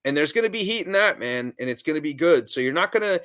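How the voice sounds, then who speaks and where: A man's voice: fairly high pitch, lively intonation, fast, a bit bright, dry recording, clean studio sound. A man co-hosting a wrestling podcast, chatting casually and bluntly, swearing freely as he speculates about the card. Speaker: podcast co-host.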